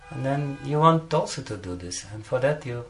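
A man's voice: medium pitch, expressive, moderate pace, fairly bright tone, soft background music. A man giving a devotional talk as a spiritual teacher, telling a story and often chuckling between phrases, with frequent "you know" fillers.

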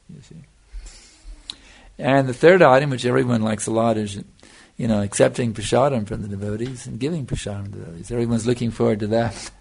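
An older man with a gravelly, fry-edged voice delivers a devotional lecture. He teaches earnestly, circling back to his points and checking in with his listeners. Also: mid-range voice. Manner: earnest, repeats "you see", answers questions. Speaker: spiritual teacher.

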